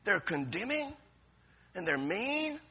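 A man's voice: sits high, big pitch swings, slow pace, pushed and bright, husky, highs cut off. A man preaching a sermon with passion, repeating phrases and restarting often. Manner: impassioned, repetitive preaching with many restarts. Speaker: pastor.

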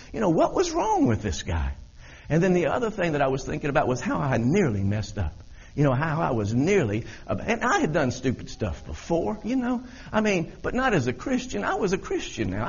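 Husky man telling a testimony. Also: medium pitch. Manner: earnest, repetitive storytelling. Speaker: speaker giving a testimony. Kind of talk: personal testimony storytelling. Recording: dull lo-fi recording.

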